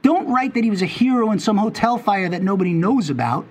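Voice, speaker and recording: High-voiced middle-aged guy, ranting on a podcast, goes off on tangents. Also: quick pace. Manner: ranting, animated, tangent-prone. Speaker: podcast co-host. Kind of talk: casual podcast chat.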